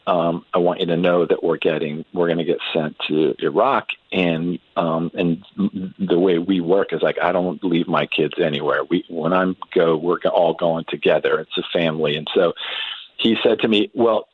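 A middle-aged man telling a story about his son in a relaxed, halting way, with many restarts and fillers. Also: deep voice, husky, no echo, phone-quality sound. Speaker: guest parent telling a family story. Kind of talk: casual storytelling in a faith podcast interview.

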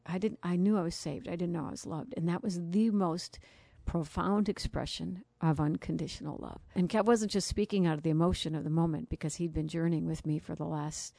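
A woman's voice: lowish voice, steady tone, brisk, gravelly, mellow, no room sound. A middle-aged woman co-hosting a faith podcast, telling a personal story in an earnest, emotional and reflective way. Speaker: podcast co-host.

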